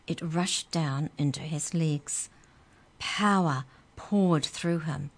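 Slow, low-voiced woman storyteller. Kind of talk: children's story reading.

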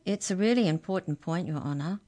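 A woman's voice: on the low side, fairly quick, mellow, close to an everyday voice. A woman voicing a small, eager mouse who speaks insistently in a children's story.

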